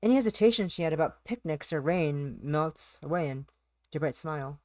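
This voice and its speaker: A woman's voice: sits low, animated, fairly quick, darkish tone, no room sound, studio quality. A young adult woman live streaming a visual novel, reading it aloud and chatting in a playful, rambling way that repeats itself and slips into sing-song bits. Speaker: game streamer.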